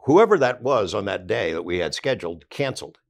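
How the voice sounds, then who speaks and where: Low gravelly older man telling a story. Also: sing-song, a little fast. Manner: conversational, recounting events with quoted dialogue. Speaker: investigative journalist guest. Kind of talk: storytelling in a podcast interview.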